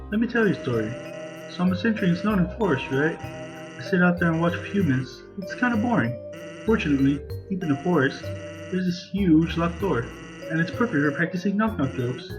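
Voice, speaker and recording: A man voicing an easygoing male skeleton from a video game who tells jokes in a relaxed, drawling way. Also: a little high, lo-fi sound, natural voice. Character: laid-back male skeleton joker, easygoing.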